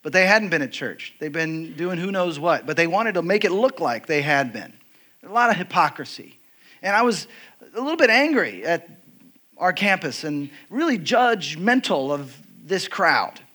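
A middle-aged man preaching a sermon, telling a personal story with animated highs and soft, quiet heartfelt passages. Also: normal speed. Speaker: pastor.

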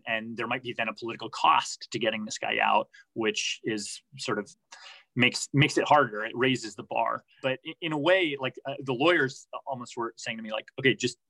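A man's voice: medium pitch, moderate pace, creaky, sharp tone, no room sound, low-quality recording. A man answering interview questions about his reporting, thoughtful, with many restarts and fillers. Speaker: podcast reporter, guest.

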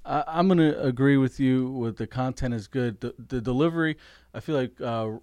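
A man's voice: mid-range voice, moderate pace, a little mellow, clean tone, dry recording. A man co-hosting a casual wrestling talk show, easygoing and swearing casually. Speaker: co-host.

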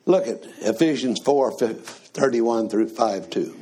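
A man preaching a sermon in a slow, conversational way, often asking the congregation questions. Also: mid-range voice, expressive, warm tone, slightly rough.

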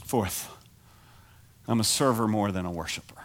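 A middle-aged man preaching a sermon as pastor, animated and self-deprecating, moving from quiet confession to near shouting. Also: on the low side, moderate pace.

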